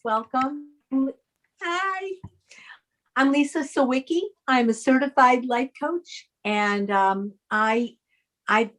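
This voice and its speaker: A woman's voice: mid-range voice, a bit bright. A woman life coach introduces herself as a guest on a video call panel. She speaks with enthusiasm and feeling, stumbling over a few words as she goes.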